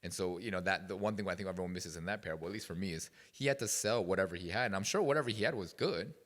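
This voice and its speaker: A man's voice: deep voice, racing, fairly bright tone, big-room sound. A man speaking as a guest at a youth retreat, telling stories in a rambling, casual way with many fillers. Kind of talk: casual talk to a youth group. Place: retreat meeting room.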